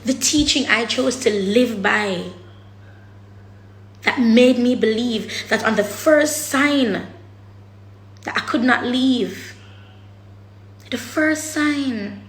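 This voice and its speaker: A woman's voice: a little high, takes it slowly, pauses often. A woman vlogger talking candidly to her viewers, blunt and emotional, cursing freely and often repeating herself as she searches for words. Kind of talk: candid personal talk to camera. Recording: echoey room.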